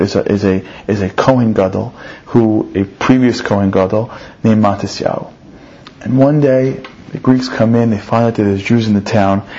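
A man teaching through a story in an animated way, his voice climbing high on emphatic points and repeating words as he builds the tale. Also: slight background noise. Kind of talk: storytelling lesson. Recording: dull lo-fi recording.

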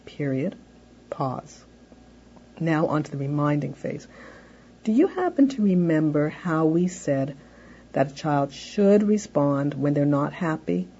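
A woman's voice: low voice, lively intonation, measured pace, dark tone, husky, highs cut off. A woman lecturing on parenting, explaining steps in a conversational way and often saying "you know". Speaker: parenting educator. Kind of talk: recorded lecture.

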